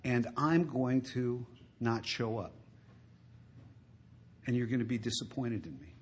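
Husky man telling wry recovery stories. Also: mid-range voice, animated, a little slow. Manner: wry, conversational, rising to loud emphasis. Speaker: recovery speaker. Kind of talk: storytelling talk to an audience.

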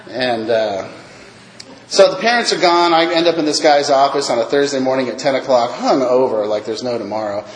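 A man's voice: medium pitch, moderate pace, a crowd in the background. A man telling his recovery story at a meeting, self-mocking, acting out the other voices in his tale. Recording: echoey hall.

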